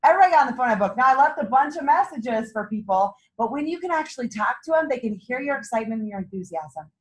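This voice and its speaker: A woman with a high, bright-toned voice leads her sales team through a motivational talk. She is bubbly and laughs often, pushing her group to get excited as she speaks to a small room. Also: fast, rough recording. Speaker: team leader running a sales meeting.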